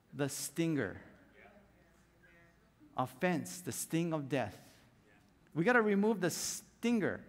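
Animated high-voiced preacher in a hall. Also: male voice. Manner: animated storyteller, acts out scenes and sound effects. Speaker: pastor. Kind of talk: lively sermon with stories. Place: church hall.

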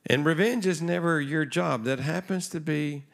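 A man's voice: a little high, moderate pace, creaky. A man preaching a sermon in a conversational way, telling a story and acting out the voices in it. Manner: conversational, acts out dialogue in his stories. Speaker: guest preacher. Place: church stage before a congregation.

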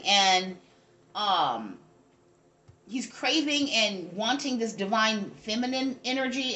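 A fairly high-voiced woman, giving a casual tarot reading to her viewers. She talks bluntly and rambles, swearing freely as she goes. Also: fairly bright tone. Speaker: tarot reader.

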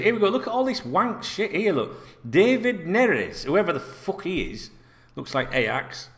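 A man hosts a football news channel, reading out stories and ranting with sarcastic, sweary asides. His voice is a little high, with a bright, forceful tone.

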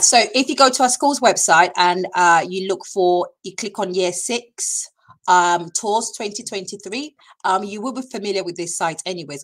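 The recording is rough, capturing a woman with a lowish voice who presents for her school online via a computer microphone. Her tone is encouraging and talkative, sprinkled heavily with fillers.

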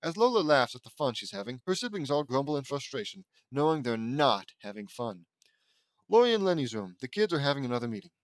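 A man's voice: medium pitch, sing-song, a little fast, no echo. Brief: male reader, fan fiction audiobook, trips on words, cracks asides, dry close sound. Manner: stumbles over words and adds joking asides. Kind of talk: reading fan fiction aloud with side remarks.

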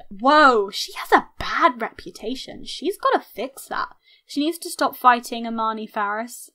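A young woman chatting casually through her life-sim game, excitable and mock-outraged, laughing often. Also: fairly high pitch, a little slow. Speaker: gaming YouTuber. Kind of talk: casual let's-play commentary.

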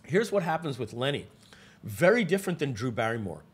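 A man presenting a live webinar, telling stories with lively asides to the audience and frequent restarts. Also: mid-range voice, a little fast, slightly rough.

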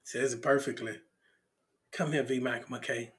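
A man's voice: medium pitch, fairly even intonation, unhurried, a bit bright. A male pastor preaching an impassioned sermon at a church service. He calls out to the congregation, stammers through restarts and breaks into song.

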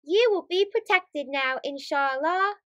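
Lady doing a soft gentle mom in a bedtime story, slow and calm, bright tone. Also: high-pitched, dry recording. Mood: soothing. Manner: soft, soothing. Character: gentle patient mother soothing her son.

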